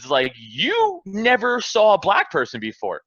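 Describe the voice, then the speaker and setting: A man's bright, forceful voice swings widely in pitch as he rants on a podcast, swearing freely and hammering his points. The sound is dry and a little dull, like a plain home podcast setup. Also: wildly swooping pitch, a little slow, hardly any pauses, no room sound. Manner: profane, impassioned, ranting with rising emphasis. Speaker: podcast guest, comedian. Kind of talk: heated casual podcast rant.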